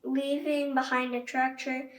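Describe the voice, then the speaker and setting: A woman with a high, fairly flat voice reads a children's book aloud at a slightly slow pace, talking directly to young listeners. The recording sounds echoey, with her voice far from the mic.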